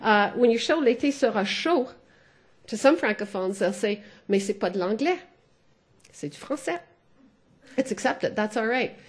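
Bilingual woman giving a lecture. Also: mid-range voice. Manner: thoughtful, switches between English and French, frequent "uh" fillers. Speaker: sociolinguist giving a talk. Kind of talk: conference lecture.

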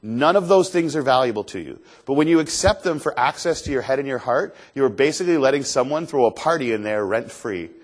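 A man from Canada telling an animated, self-deprecating story as a motivational speaker on stage. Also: medium pitch, a little fast, hardly any pauses. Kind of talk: storytelling keynote talk on stage. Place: stage before an audience.

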